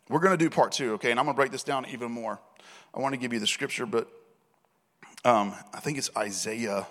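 A man preaching a sermon, telling stories in a lively way, acting out the dialogue and laughing often. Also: mid-range voice, a little fast. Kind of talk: sermon storytelling. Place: church hall. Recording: reverberant hall.

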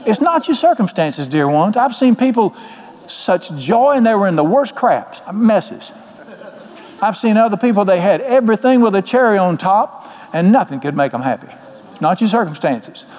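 A man's voice: sits high, a little mellow. An older man preaching a sermon as pastor, folksy and joking. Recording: long hall reverb.

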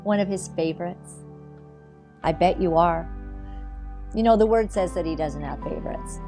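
A woman talking casually to her audience and reading scripture, chatty and animated, acting out quotes in playful voices. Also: lowish voice, moderate pace, faint music behind. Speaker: online commentator and preacher.

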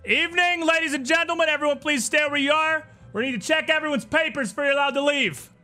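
A man's voice: very high-pitched, fast, faint music behind, pitched above the performer's own voice, exaggerated voice. A man voicing a brusque male guard captain announcing an inspection. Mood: commanding. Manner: loud commanding announcement.

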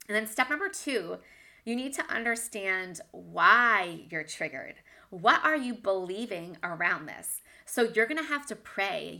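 Bright-voiced woman giving a devotional talk. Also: mid-range voice, creaky. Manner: candid and conversational, laughs often at herself. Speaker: Bible teacher for Christian moms.

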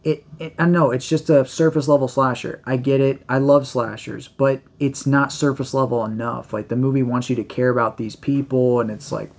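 A man co-hosting a casual movie podcast, careful and hedging as he weighs a film. He often restarts his sentences, and his voice sits at an ordinary pitch. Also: steady tone, brisk, gravelly, hardly any pauses. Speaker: podcast co-host. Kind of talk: casual movie review chat.

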